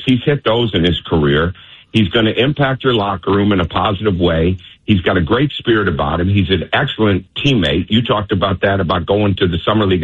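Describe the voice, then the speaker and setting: A man's voice: on the low side, breathy edge. A basketball coach, a man, speaking as a guest on sports radio by phone, emphatic and persuasive. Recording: tinny phone line.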